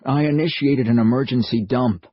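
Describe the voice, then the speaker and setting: A man voicing a calm man who speaks quietly and in a measured way. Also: medium pitch, slightly rough, no echo, highs cut off, pitched above the performer's own voice, close to an everyday voice. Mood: grave.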